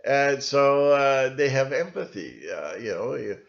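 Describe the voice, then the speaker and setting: A man talking in a rambling solo monologue, halting often with fillers and restarts. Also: mid-range voice, animated, creaky. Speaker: channel host. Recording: dull lo-fi recording.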